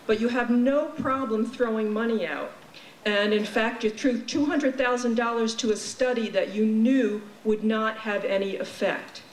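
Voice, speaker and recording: A woman's voice: fairly high pitch, a little slow. Frank, exasperated woman at public comment. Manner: frank, exasperated, casual phrasing. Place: legislature chamber. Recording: echoey chamber, faint crowd and noise.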